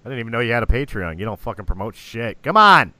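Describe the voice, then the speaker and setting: A man's voice: medium pitch, very animated, fast talker, crowd noise. Boisterous, profane podcast host man. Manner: boisterous, profane, laughs loudly. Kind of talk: crude comedy banter.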